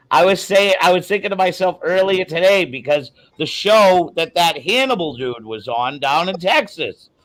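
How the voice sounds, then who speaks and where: Blunt high-voiced man on a podcast. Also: a bit bright. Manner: blunt, opinionated. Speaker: wrestling podcast panelist. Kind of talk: casual chat.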